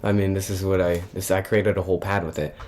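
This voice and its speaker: A man's voice: deep voice, flat delivery, fast, darkish tone. A young man, a music producer, casually talking through how he built a track, loose and offhand with frequent fillers and restarts. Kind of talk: casual tutorial narration.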